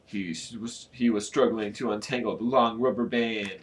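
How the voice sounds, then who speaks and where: A man casually reading a storybook aloud, with a lively delivery and joking asides. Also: lowish voice, moderate pace, slight background noise. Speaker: channel host reading aloud.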